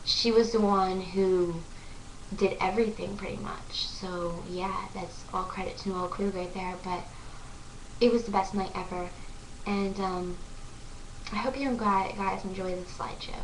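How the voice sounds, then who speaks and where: A young woman vlogger excitedly telling a story to the camera, gushing and full of "like" fillers. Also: mid-range voice, a little slow, far from the mic, slight background noise. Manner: breathless, gushing, lots of "like" fillers. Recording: echoey room, voice off-mic.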